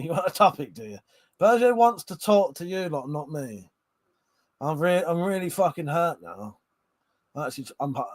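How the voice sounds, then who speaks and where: A man's voice: a little high, no echo. A tipsy man hosting a casual livestream, reading viewer comments aloud, laughing often and swearing freely. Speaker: livestream host.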